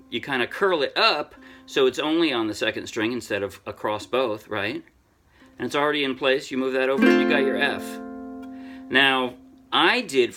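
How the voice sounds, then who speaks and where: An older man casually teaching a ukulele song, chatty and self-deprecating, thinking out loud with frequent restarts. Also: medium pitch. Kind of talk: casual music tutorial. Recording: ukulele playing loudly throughout. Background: ukulele playing.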